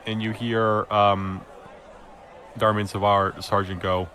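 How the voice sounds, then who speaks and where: A man's voice: fairly low pitch, little pitch movement, a little slow, sharp tone, a little hiss or hum. A man serving as game master, narrating a tabletop game with a rambling, filler-heavy delivery.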